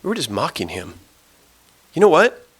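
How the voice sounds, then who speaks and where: A man voicing a repentant thief on a cross, sneering at first and later pleading, in halting, repeated phrases. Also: fairly high pitch, huge pitch swings, husky, heavily acted. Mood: uneasy.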